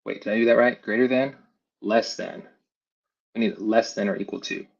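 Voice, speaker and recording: Male tutor, low gravelly voice, muffled lo-fi mic, mutters through his steps. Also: normal speed. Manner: thinks aloud while building, talks to himself. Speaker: FlutterFlow trainer. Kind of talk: casual screen-share tutorial.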